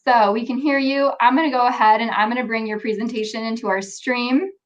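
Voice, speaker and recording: A woman's voice: a little high, steady tone, brisk. Cheerful woman hosting a virtual event. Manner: cheerful, joking. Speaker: event host. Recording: slightly dull audio.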